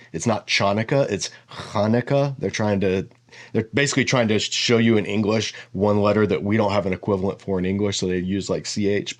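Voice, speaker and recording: Casual teacher: man, lowish voice, explains patiently and muses aloud mid-lesson. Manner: explanatory, thinking aloud with asides. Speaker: Bible teacher.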